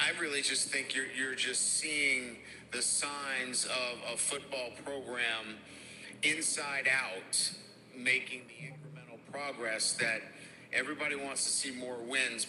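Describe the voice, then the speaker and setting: A middle-aged man, a head football coach with a Boston and Midwestern accent, answering press conference questions in a halting way with many fillers. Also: medium pitch, noisy background. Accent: Boston and Midwestern with some Louisiana. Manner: halting, heavy on fillers and restarts.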